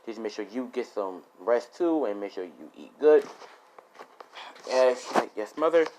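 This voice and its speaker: A man's voice: fairly low pitch, animated, unhurried, darkish tone. A young man casually retelling a fan story in a rambling, profane way full of fillers.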